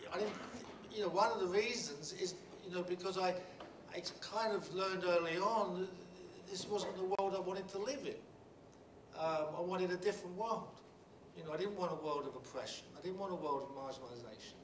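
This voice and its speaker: A middle-aged Englishman speaks at a panel talk, telling a story in a halting, blunt way with many restarts and fillers. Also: sits high. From England. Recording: roomy hall from a distant mic with background noise.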